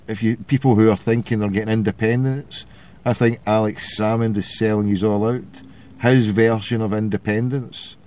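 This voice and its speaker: A man's voice: lowish voice, a little mellow. A Glaswegian man hosting a call-in show, ranting with sarcasm and heavy swearing. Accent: Glasgow Scottish. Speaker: radio show host. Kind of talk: ranting opinion monologue.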